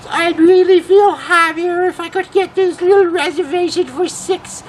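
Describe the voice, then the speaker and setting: A man's voice: very high-pitched, steady tone, normal speed, a little hiss or hum, pitched above the performer's own voice, poor audio. A man putting on the voice of a frail, fussy little old lady who pleads and insists on the phone. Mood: pleading.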